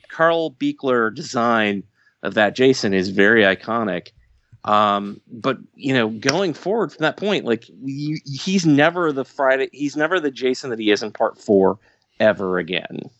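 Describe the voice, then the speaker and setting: A man on a casual podcast who talks about movies in a calm, measured way and stops often to find his words. His voice sits at a middle pitch. It sounds dry and close, with no room echo. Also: muffled recording. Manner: thoughtful, measured, hesitant with fillers. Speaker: podcast co-host.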